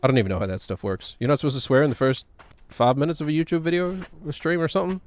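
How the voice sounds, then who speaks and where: A man's voice: on the high side, rapid-fire, a little mellow, slight background noise. A man streaming a game, chatting in a rambling, joking way with self-deprecating asides. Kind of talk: casual gaming stream chatter.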